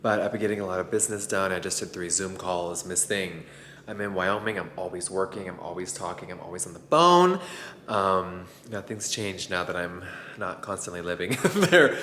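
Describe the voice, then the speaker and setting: A man talking casually to camera in a vlog, expressive and swearing freely, slipping into high baby talk with his dogs. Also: moderate pace, slight background noise. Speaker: vlogger. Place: home ranch and vet clinic.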